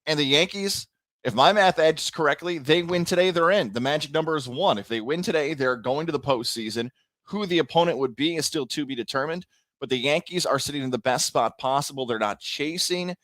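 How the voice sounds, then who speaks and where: A man co-hosting a casual sports talk show, laying out standings and scenarios in a steady, methodical way. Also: fairly high pitch, a little fast, dry recording.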